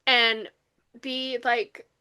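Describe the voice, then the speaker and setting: A young woman co-hosting a podcast, recapping a novel in casual chat, animated and full of fillers, acting out the lines she quotes. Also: a little high, drawn-out words, smooth, no room sound. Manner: animated retelling, acts out quotes, many fillers. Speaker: podcast co-host. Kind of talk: casual book review chat.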